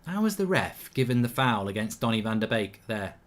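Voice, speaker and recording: A man's voice: lowish voice, sing-song, a little fast. A man hosting a live football watchalong, chatting opinionatedly and reacting to the match. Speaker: host.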